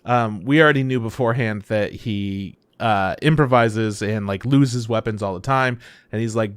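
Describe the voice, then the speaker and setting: Smooth-voiced man in dry podcast chat. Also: fairly low pitch, no echo. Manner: laid-back, swearing, quick asides. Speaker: podcast co-host. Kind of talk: casual chat.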